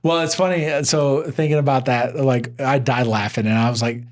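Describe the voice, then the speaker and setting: A man co-hosting a podcast who tells stories with lots of energy. His voice sits at a middle pitch and leaps up when he acts out other people's lines in relaxed chat. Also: normal speed. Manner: animated storyteller, jumps high when quoting others. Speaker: podcast co-host.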